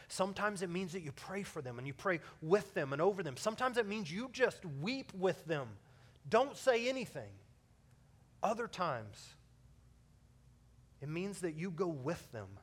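A man's voice: high voice, big pitch swings, unhurried. Earnest man preaching a sermon. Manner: earnest, swings from loud urging to soft hushed delivery. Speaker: pastor.

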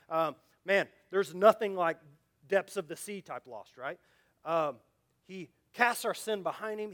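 High-voiced preacher, loud then hushed. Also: male voice. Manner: swings from loud urgent emphasis to quiet low asides; earnest, direct appeals to listeners. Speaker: pastor. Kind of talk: sermon.

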